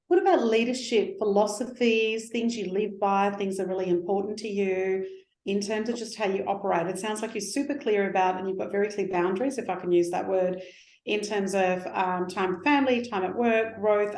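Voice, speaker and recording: A woman interviewing a guest, affirming answers and asking long, drawn-out questions. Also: medium pitch, a little mellow. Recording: echoey room.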